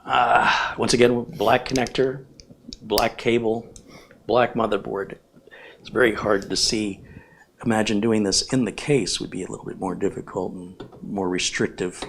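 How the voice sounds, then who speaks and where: A man's voice: lowish voice, steady tone, measured pace, gravelly, a bit bright, a little hiss or hum. A man hosting a hands-on computer build tutorial, explaining each step plainly and giving firm opinions. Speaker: computer technician host.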